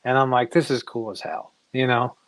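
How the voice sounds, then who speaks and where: A man's voice: medium pitch, moderate pace. A man from Massachusetts, a comic artist guest, telling long stories and acting out the dialogue of the people in them. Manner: animated storyteller who acts out quoted dialogue. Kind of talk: casual interview storytelling.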